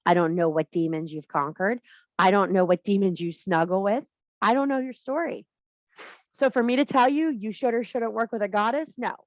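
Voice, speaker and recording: A woman's voice: mid-range voice, normal speed, no echo. A woman giving a blunt, emphatic spiritual talk to the viewer, swearing freely and lecturing. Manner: preachy, addresses viewer directly. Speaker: spiritual teacher. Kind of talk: spiritual monologue to camera.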